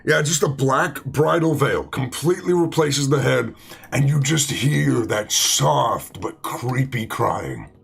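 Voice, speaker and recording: A man talking slowly through a gaming session, his voice husky and gravelly. His pitch swings up and down a lot as he wanders between thoughts, restarting sentences and piling on fillers. Faint music plays underneath. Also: animated. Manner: rambling, full of fillers and restarts. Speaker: let's play host. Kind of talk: casual gaming commentary.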